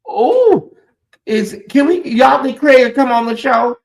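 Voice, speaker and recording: High voiced guy hosting a livestream, chatty and animated, laughs a lot. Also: moderate pace, gravelly. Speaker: host. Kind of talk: livestream commentary, talking to the chat.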